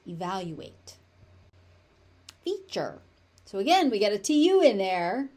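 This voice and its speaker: A woman's voice: medium pitch, sing-song, slow, long pauses, darkish tone. A woman with a General American accent teaching pronunciation, saying each word several times and explaining the sounds. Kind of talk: pronunciation lesson with repeated words.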